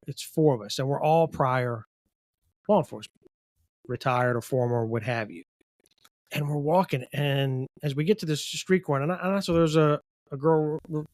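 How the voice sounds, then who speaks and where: A man's voice: medium pitch, dry recording, clean studio sound. A male podcast host telling a rambling story in casual conversation, with false starts.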